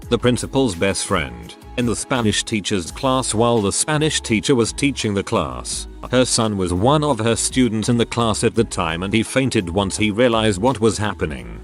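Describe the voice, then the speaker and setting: A man reading out anonymous online stories as a channel's regular narrator, in a scripted read-aloud delivery that sometimes misreads words. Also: lowish voice.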